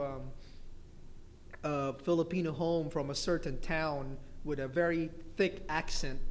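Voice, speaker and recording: A man's voice: fairly high pitch, a little hiss or hum. A male pastor preaching a sermon, mixing in light jokes and asking the congregation "amen?".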